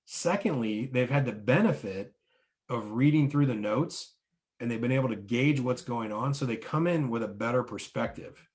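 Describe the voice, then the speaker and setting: A man teaching business owners about sales team roles, explaining in numbered steps and often checking in with "right?". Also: medium pitch. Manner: coaching, often ends points with "right?". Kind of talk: instructional talk to business owners.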